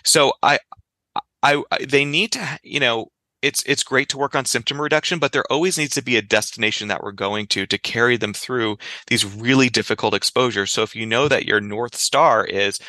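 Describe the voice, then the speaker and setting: A man speaking as a clinical psychologist guest in a conversational interview, explaining in a lively way and giving examples. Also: on the low side, a little fast, no echo.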